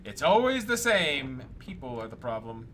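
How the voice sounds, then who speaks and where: A man chatting casually during a game stream, joking and laughing often with quick asides. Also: medium pitch, big pitch swings, a bit bright, slight background noise. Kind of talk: casual chat while gaming.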